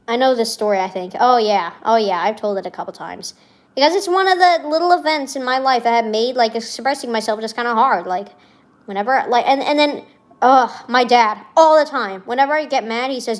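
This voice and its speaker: A woman's voice: on the high side, animated, moderate pace. A young woman venting in a casual vlog, rambling and sarcastic, laughing often between her remarks. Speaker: vlogger.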